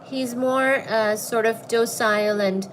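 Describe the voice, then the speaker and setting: Woman host for a relaxed home stream: high-pitched, slow and easy, chatty, slips into baby talk for her cat. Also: background noise. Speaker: livestream host reading chat. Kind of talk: casual livestream chat.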